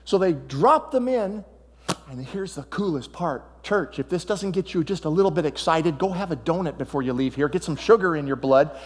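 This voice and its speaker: A male pastor preaching a sermon, telling Bible stories in an animated way and swinging between loud, excited passages and hushed ones. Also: on the high side, moderate pace, big-room sound.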